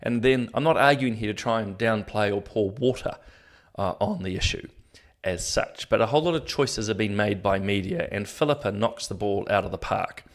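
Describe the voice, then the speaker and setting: A middle-aged New man with a somewhat low voice hosts a casual commentary show. He rambles a little, backtracks and fills gaps with "uh" and "um", and pokes fun at himself as he goes. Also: normal speed. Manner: rambling, self-deprecating, frequent fillers and restarts. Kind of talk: casual solo commentary to viewers.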